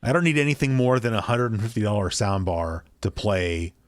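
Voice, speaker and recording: A man's voice: on the low side, animated, fairly quick, no room sound, studio quality. A man co-hosting a podcast from his small home basement, chatting casually in a rambling, self-deprecating way, apparently over a video call. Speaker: podcast co-host. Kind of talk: casual chat.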